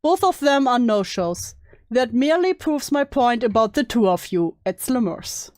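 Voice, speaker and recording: A woman streamer chatting casually and bluntly while reacting to videos, sarcastic and quick to swear. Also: a little high, expressive, a little mellow, dry recording, clean studio sound. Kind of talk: casual live-stream chat.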